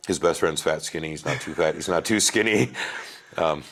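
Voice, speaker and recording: Deep-voiced man telling animated stories. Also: moderate pace, slight background noise. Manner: animated, swears, says "bro" a lot; acts out family members' lines in his stories. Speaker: podcast guest. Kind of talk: casual storytelling.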